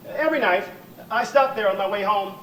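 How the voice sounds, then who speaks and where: A man's voice: high-pitched, fairly quick, a bit bright. A man playing a weepy, fretful divorced husband. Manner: sentimental and apologetic, given to tearful rambling. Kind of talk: live stage comedy acting. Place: church stage before a live audience. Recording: echoey hall, distant room mic, faint noise.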